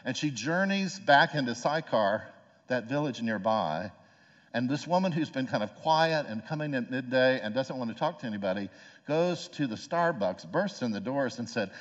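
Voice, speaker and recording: A pastor with a medium-pitched voice and lively intonation preaches a sermon at a moderate pace, in a conversational style full of rhetorical questions. The recording, made in an echoing hall, has long reverb and a dull, lo-fi quality.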